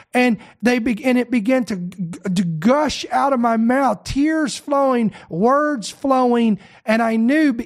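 A woman co-hosting a faith talk show, preaching with fervour and quoting scripture. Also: a little high. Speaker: co-host. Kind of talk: preaching commentary.

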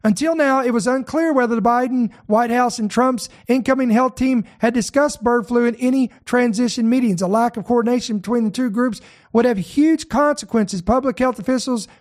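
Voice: medium pitch, a little fast. A podcast host giving news commentary, reading articles aloud. The host stops often to stress single words and repeats phrases while talking.

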